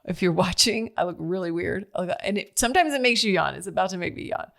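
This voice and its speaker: A middle-aged woman hosting her own podcast, talking in a chatty, expressive way and laughing at herself as she goes. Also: fairly low pitch, fast, gravelly. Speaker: podcast host. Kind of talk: casual solo monologue. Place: seated at home recording.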